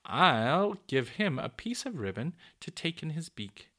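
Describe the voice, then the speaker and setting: An excitable, fussy old peddler, put on by a man reading a storybook aloud, his voice leaping high and loud as ideas burst out of him. He exclaims eagerly, with a lively, swooping pitch. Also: measured pace, full character voice.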